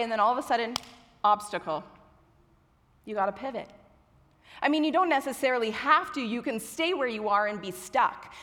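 A young woman with a fairly high voice preaches from a church stage, casual and self-deprecating, with a touch of nerves. Her words ring out into a long, lingering hall reverb. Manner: warm, chatty and self-deprecating, a little nervous. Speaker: guest preacher from children's ministry. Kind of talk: sermon. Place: church auditorium with stage lights.

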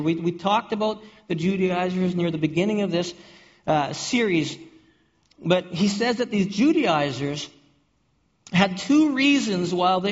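A man preaching a sermon to his congregation, often repeating and restarting words and asking the room questions. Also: sits high. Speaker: pastor. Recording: dull audio with long hall reverb.

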